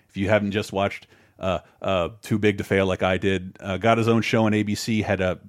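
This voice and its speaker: Rambling, swearing podcast host. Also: male voice, lowish voice, no room sound, clean studio sound. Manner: rambling, swearing, lots of restarts. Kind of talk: casual chat.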